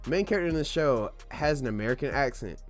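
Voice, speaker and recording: A young adult man talks through his podcast in an easy, rambling voice of middling pitch. He jokes, swears without a second thought and speaks as if to friends, with soft music playing faintly behind him. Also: animated, fast. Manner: candid, rambling, joking, swears freely. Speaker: podcast host. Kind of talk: casual solo podcast monologue.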